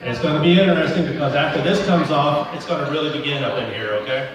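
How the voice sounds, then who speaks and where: A man's voice: fairly high pitch, quick pace. A man doing a stand-up comedy set, telling a rambling, profane story to a live crowd. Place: event hall at a live show. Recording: echoey hall from far off.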